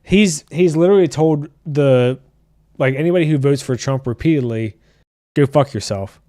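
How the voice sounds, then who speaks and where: A man's voice: on the high side, normal speed, dark tone, no room sound, clean studio sound. A man hosting a casual podcast livestream, reading viewer chat and ranting bluntly with lots of swearing.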